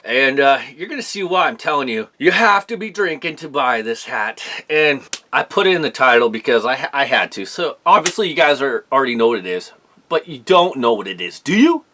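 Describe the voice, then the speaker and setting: A man's voice: fairly high pitch, bright, forceful tone, slight background noise. A man hosting a casual vlog who talks to his viewers in an opinionated, rambling way. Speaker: host.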